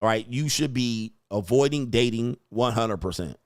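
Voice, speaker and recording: A man's voice: mid-range voice, normal speed, no room sound, studio quality. A man hosting a reaction commentary show, mocking and lecturing the people in the clips he plays, often laughing. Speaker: commentary channel host.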